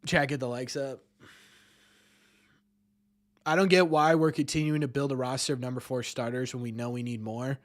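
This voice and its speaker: A man hosting a live-streamed sports talk show, rambling, repeating words and ending many lines with "right?". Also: on the high side. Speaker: podcast host.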